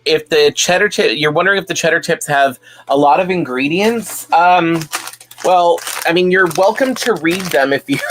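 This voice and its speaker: A man's voice: on the high side, a bit bright, a little hiss or hum. A man hosting a casual live stream at home, chatting and reading viewer comments, rambling with many fillers and restarts.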